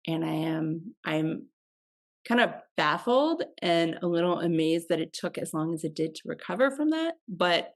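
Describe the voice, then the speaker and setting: A woman in her forties, a health coach as guest, talking in a casual, reflective way with hesitant pauses. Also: on the low side, lively intonation. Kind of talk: casual interview chat.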